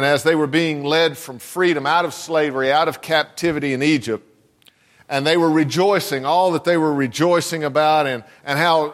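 Male pastor, sermon delivery, rhetorical questions, a touch high-pitched, long church reverb. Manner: earnest, asks the congregation rhetorical questions. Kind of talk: sermon with scripture reading. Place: church sanctuary.

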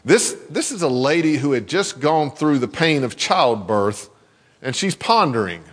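A male pastor preaching a sermon, reading scripture and adding chatty asides with soft laughs. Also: a little high, sing-song, measured pace. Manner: conversational, chuckling asides between scripture readings. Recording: long hall reverb.

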